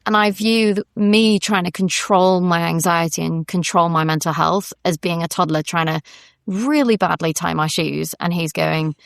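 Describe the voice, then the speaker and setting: A woman speaks as a podcast guest in a candid conversation about faith, earnest and reflective, often circling back to restart a thought. Her voice sits a little low, and the sound is close and dry, with no room around it. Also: steady tone, moderate pace, vocal fry, no echo.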